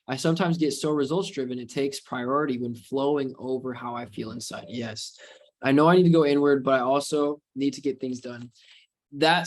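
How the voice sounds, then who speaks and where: Casual man hosting a webinar. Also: a little high. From United States. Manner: casual, rambling, spiritual motivational talk. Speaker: webinar host and trading coach. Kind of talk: live webinar Q&A.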